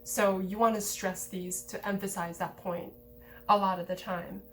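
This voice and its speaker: A woman giving a relaxed, conversational language lesson, explaining grammar points with lots of casual filler words. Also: mid-range voice, moderate pace, soft background music. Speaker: language teacher.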